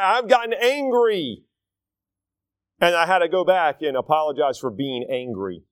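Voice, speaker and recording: A man's voice: sits high, no echo, clean studio sound. A middle-aged man preaching a sermon in a church, conversational and full of rhetorical questions to the congregation. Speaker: pastor.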